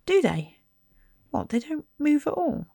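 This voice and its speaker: A woman's voice: on the low side, moderate pace, gravelly, dark tone, no echo, clean studio sound. A woman voicing a cheeky, chatty young schoolboy in a read-aloud storybook. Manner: chatty, blunt.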